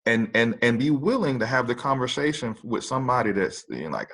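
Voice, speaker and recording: A man's voice: mid-range voice, sing-song, fairly quick, a bit bright. A man talking as a guest in a casual conversation, speaking earnestly from his own family life.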